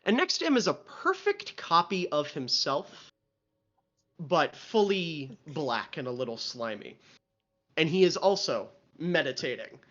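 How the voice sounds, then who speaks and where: A man's voice: fairly high pitch, very animated, a little slow, a bit bright. A man narrating a live tabletop role-playing game as game master, in loose narration full of fillers. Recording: lo-fi stream audio.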